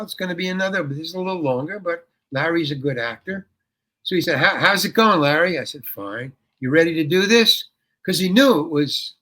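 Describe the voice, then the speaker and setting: An older man, an actor and interview guest, telling a story in a lively way and acting out the dialogue. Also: fairly high pitch. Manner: animated, acts out dialogue with swearing. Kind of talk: storytelling anecdote.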